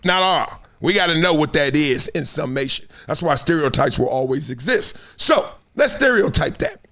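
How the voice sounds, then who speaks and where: A middle-aged man hosting solo sports commentary, animated and fond of acting out quotes in other voices. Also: on the high side, moderate pace.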